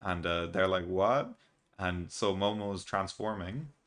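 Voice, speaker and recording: A man's voice: sits low, fairly even intonation, moderate pace, a bit bright. A man hosting a reaction video, casually recapping a comic chapter and thinking aloud, reading the dialogue out plainly. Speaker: manga reaction video host.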